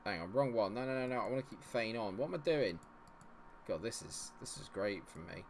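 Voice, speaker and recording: Speaking briskly with lively intonation in a lowish voice, a young man provides live commentary on his football management game amid slight background noise. He talks to viewers while swinging between cheers for goals and worry over results.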